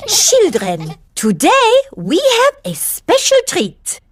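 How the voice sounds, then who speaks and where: A kindly female teacher from a cartoon. Her voice is very high and swoops widely in pitch, unhurried and encouraging. Faint music plays beneath her. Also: wildly swooping pitch, full character voice. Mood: teacherly.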